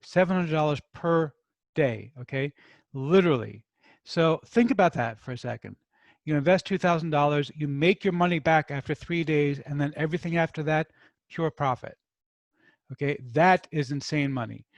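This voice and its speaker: His voice fairly high and his pace moderate, the review channel host from New York banters with his viewers in a jokey, chatty way, without any regional accent. There's no echo, though the recording sounds muffled.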